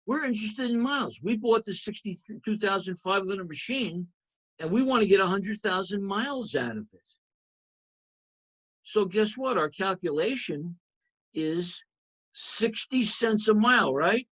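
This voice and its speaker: A man's voice: high voice, fairly bright tone, dull audio. A man teaching an accounting review lecture, emphatic, repeating key points and checking in with students. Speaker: accounting instructor.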